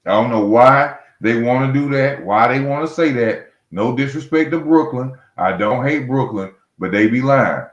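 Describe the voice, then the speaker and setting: A man's voice: medium pitch, moderate pace, few pauses, echoey room, highs cut off. A man hosting a heated solo boxing rant, blunt and mocking, repeating his points and calling fighters out directly. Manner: blunt, mocking, repetitive, speaks straight to fighters. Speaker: boxing commentary host.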